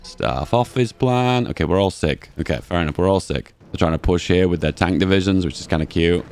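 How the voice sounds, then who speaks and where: A man giving casual, chatty commentary while playing a strategy game, thinking aloud and reacting excitedly to how it goes. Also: low-pitched, quick pace, faint music behind. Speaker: gaming channel host.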